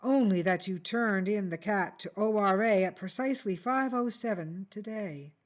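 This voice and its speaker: A woman reading the lines of a calm, methodical male police detective with polite, measured questions. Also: medium pitch, lightly acted. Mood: formal.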